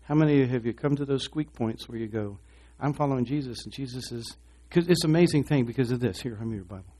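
Husky animated preacher man. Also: mid-range voice, fast. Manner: animated preaching with call-and-response, acting out voices. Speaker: pastor. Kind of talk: sermon.

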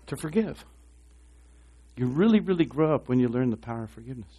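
A man preaches to a congregation with a husky, somewhat dark voice. He calls out for responses from the room and slips into short acted voices to make his point. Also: mid-range voice, fast. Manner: animated preaching with call-and-response, acting out voices. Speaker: pastor. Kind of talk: sermon.

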